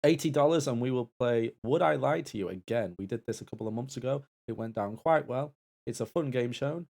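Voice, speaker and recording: A man co-hosting a live charity stream, chatting casually and reading out donations. His voice carries a gravelly, fry-laden texture. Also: medium pitch, a little fast, a little mellow. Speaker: stream co-host and assistant.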